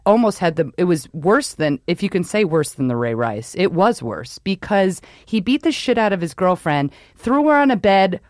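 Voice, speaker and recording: A woman from New York co-hosting a podcast, chatting about sports in an excitable, rambling way that keeps breaking off mid-thought. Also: fairly low pitch, normal speed, hardly any pauses, no room sound, clean studio sound. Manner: rambling, excitable, self-interrupting. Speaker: podcast co-host. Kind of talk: casual sports chat.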